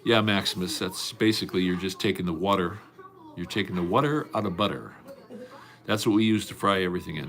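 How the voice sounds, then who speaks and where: Deep-voiced man rambling folksy on a livestream. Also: fast, a bit bright. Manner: folksy, rambling, with many fillers and restarts. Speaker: livestream host. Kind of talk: casual livestream chat, greeting and answering viewers. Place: at home.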